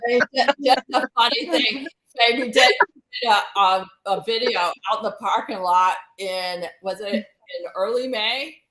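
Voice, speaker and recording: Woman host, upbeat and warm-toned chat, bright voice, roomy sound. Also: a little high, a little slow. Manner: upbeat, laughs easily. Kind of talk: casual interview chat.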